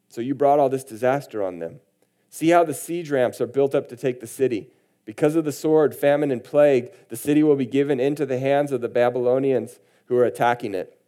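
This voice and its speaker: Mellow-voiced man preaching a sermon. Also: medium pitch, fairly quick. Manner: reads scripture aloud with emphasis, then comments conversationally. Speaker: pastor.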